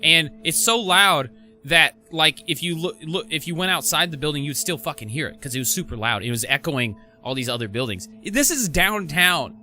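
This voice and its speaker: Excitable, cursing man with a bright voice. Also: on the high side, fairly quick. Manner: profane, rambling, excitable, many restarts. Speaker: gaming streamer. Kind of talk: casual storytelling.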